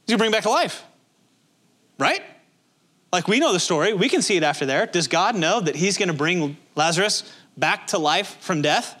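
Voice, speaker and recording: A man's voice: sits high, lively intonation, moderate pace, a bit bright. A male pastor preaching a sermon in a conversational, emphatic way, with many rhetorical questions.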